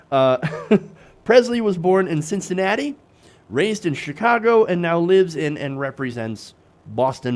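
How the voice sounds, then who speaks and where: A man hosting a political commentary show, sarcastic and self-correcting, with many fillers. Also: a little high.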